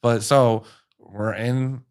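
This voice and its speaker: Animated, clear-voiced male storyteller. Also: medium pitch, very slow. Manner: animated storyteller, acts out quotes. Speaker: guest, football coach. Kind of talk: casual conversation.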